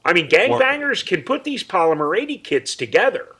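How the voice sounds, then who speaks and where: A man's voice: high-pitched, sing-song, brisk, pushed and bright, breathy edge. A man co-hosting a podcast, speaking bluntly and indignantly in casual chat, with some swearing. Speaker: podcast co-host.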